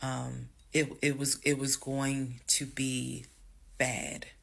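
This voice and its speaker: Gravelly woman telling a dramatic story. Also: rumbling low, flat delivery, slow. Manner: emphatic, addresses viewers directly; swings between hushed whispers and loud bursts. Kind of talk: storytime monologue.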